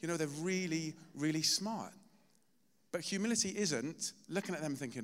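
A man's voice: a little high, moderate pace, fairly bright tone. Man preaching in a reverberant hall. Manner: conversational storytelling with self-deprecating humor. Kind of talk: sermon. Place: church hall.

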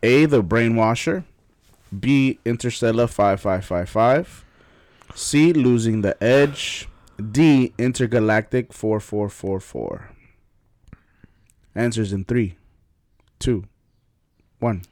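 A man hosts a casual quiz among friends, playful and often laughing as he slowly reads out the answer options. His medium-pitched voice is animated with a darkish tone, recorded with no echo.

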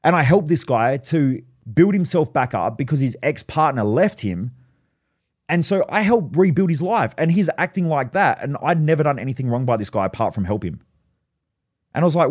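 A man's voice: medium pitch, lively intonation, fairly quick, darkish tone, husky. A man hosting a solo podcast, telling stories in a blunt, profane way. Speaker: podcast host.

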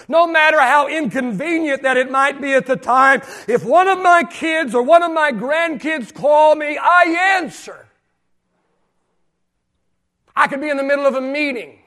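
Preaching with emphatic repetition, an older man in the role of pastor moves from loud shouts to quiet asides. His pitch is extremely high.

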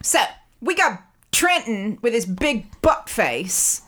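A woman with a high voice launches into an indignant comedic rant. Her tone is bright and cutting, and she swears freely as her story rambles on. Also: sing-song, slow. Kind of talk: comedic ranting monologue.

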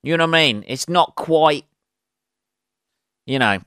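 A man's voice: a little high, a little slow, bright, forceful tone, dry recording, clean studio sound. A man hosting a casual solo podcast, ranting with lots of swearing and exasperation. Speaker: podcast host.

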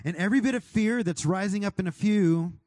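A pastor leading a fervent prayer over his congregation, speaking directly to God and sometimes rising to a shout. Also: high voice, brisk, no echo, clean studio sound. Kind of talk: sermon prayer.

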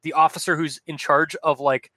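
A man's voice: fairly high pitch, flat delivery, moderate pace, bright, forceful tone, no echo. A man co-hosting a podcast in casual chat, rambling with many restarts and frequent laughs. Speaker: podcast co-host.

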